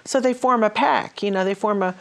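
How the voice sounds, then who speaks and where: A woman being interviewed on a podcast, talking earnestly and pausing often with ums. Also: mid-range voice, gravelly, fairly bright tone. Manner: earnest, hesitant with frequent ums. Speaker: interview guest, outreach minister.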